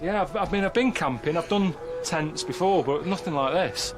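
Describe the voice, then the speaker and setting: Deadpan grumbling man outdoors. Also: fairly high pitch, moderate pace, music in the background. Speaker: travel show presenter. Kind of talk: documentary travel commentary.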